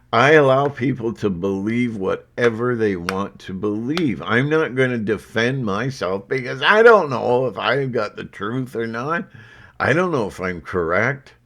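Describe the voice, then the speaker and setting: A man's voice: mid-range voice, a bit bright, a little hiss or hum. A man hosting his own channel, talking in a rambling, defiant monologue full of fillers and restarts. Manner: defiant, unfiltered, hesitant with many fillers. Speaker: channel host.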